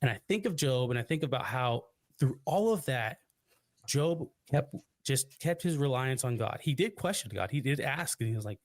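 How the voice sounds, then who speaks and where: A man's voice: mid-range voice, lively intonation, normal speed, dry recording. A young man telling a personal story as a podcast guest, earnest and reflective, often restarting his sentences.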